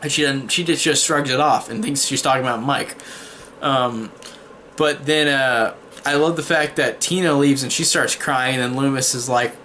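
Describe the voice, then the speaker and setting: A man's voice: mid-range voice, steady tone, moderate pace, pushed and bright, slight background noise. A young man casually reviewing a horror movie, rambling and opinionated with lots of fillers. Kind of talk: casual spoken film review.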